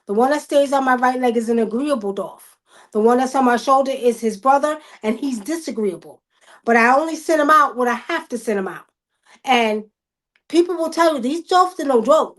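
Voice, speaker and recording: A woman, telling stories casually on a video call livestream, animated, loudly acting out the quotes. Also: on the high side. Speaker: guest.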